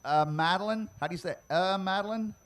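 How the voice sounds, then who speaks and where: A man announcing prize giveaways to the crowd at an outdoor dirt racetrack, teasing fans and shouting to get them to answer. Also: high-pitched, clear, resonant tone. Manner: loud, teasing, drawn-out shouting. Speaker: track announcer giving away prizes.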